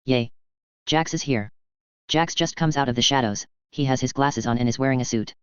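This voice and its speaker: A man narrating a fan-fiction audiobook in an even, plain reading voice. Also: medium pitch, quick pace, clear, resonant tone, no room sound. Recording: dull, dry lo-fi sound.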